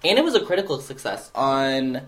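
A man co-hosting a casual podcast, trading dry, deadpan sarcasm with his co-host. His voice sits at an ordinary middle pitch, and his talk is loose and chatty. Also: brisk. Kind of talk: casual chat.

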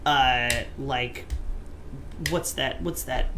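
A man's voice: medium pitch, extremely slow, background noise. A man hosting a casual gaming podcast, asking playful, mock-dramatic questions. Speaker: podcast host.

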